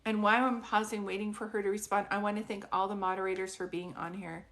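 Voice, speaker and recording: Speaking quickly in a medium-pitched, somewhat bright but flat voice, a woman offers a casual psychic reading live from her home. A dog is nearby, and her talk wanders, packed with fillers and restarts.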